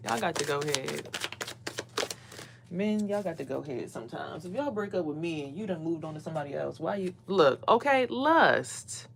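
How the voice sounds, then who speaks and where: A woman's voice: sits low, brisk, gravelly, slight background noise. A woman venting casually to camera as a spiritual reader, blunt and profane. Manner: blunt, swears a lot, animated quoting of others.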